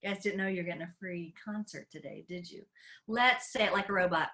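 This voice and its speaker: A woman's voice: lowish voice, fairly quick, a bit bright. A woman from Tennessee hosting a live online class for children as an aquarium educator. She is playful and enthusiastic and talks straight to the kids over a computer mic.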